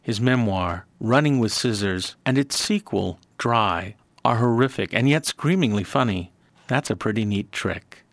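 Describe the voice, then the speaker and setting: A man's voice: on the low side, expressive, unhurried, creaky, no room sound. A man hosting an interview who greets his guest in a friendly, direct way and asks questions. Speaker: interviewer, host.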